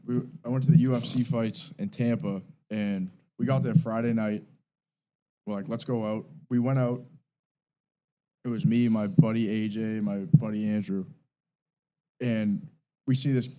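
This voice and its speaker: A man's voice: mid-range voice, normal speed, rough recording. A man from New England, co-hosting a podcast and telling stories with lots of swearing. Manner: animated storytelling, swearing, laughing. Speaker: podcast co-host. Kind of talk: casual chat.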